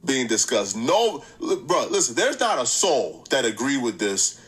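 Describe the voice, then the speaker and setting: A man hosting a reaction channel, giving casual, animated commentary, laughing easily and repeating points for emphasis. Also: medium pitch, unhurried, poor audio.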